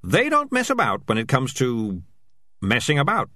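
A glib, self-satisfied talking tomcat, voiced by a man in an audiobook. He talks his way around everything with a lively, swooping pitch. The sound is close and dry. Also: no room sound. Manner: fast-talking, self-justifying. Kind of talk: audiobook character voice.

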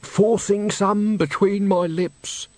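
A man's voice: sits high, fairly even intonation, slow pace, a little mellow, no room sound, pitched above the performer's own voice. A man voicing a whiny young male stagehand who wheedles and milks a minor injury. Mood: wheedling. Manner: wheedling, milking his injury.

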